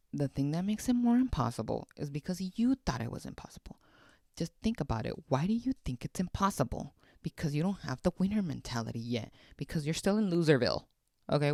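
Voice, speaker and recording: A man's voice: medium pitch, gravelly, a little mellow, dry recording, studio quality. A man hosting a podcast, giving casual, blunt motivational talk, swearing and repeating himself for emphasis. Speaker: podcast host.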